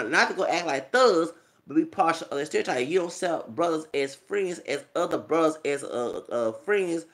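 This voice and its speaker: A man's voice: fairly high pitch, creaky, a bit bright. A man ranting in a commentary vlog, rambling and profane, repeating himself with lots of fillers. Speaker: YouTube commentator.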